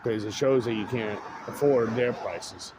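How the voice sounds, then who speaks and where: A man's voice: mid-range voice, unhurried, noisy background. A man vlogging outdoors in a rambling casual chat, chuckling often.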